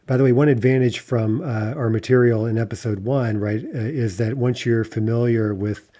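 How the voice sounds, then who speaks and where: A man teaching a lesson on reading poetry aloud, explaining step by step with frequent fillers and checking in with "right?", slowing down to recite lines carefully. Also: medium pitch, steady tone, mellow. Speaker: Russian language teacher.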